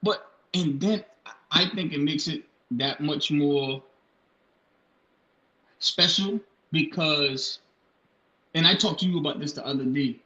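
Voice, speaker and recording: Brief: young man, podcast co-host, animated and lively, somewhat high voice, roomy lo-fi sound. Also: a little slow, pauses often. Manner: animated, jumps into high-pitched acted bits. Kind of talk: casual podcast chat. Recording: echoey room, dull lo-fi sound.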